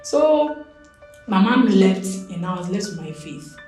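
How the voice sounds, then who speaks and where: A young woman with a Ghanaian accent telling a personal story as an interview guest, animated and expressive. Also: mid-range voice, a little slow, heavy reverb, soft background music. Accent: Ghanaian English.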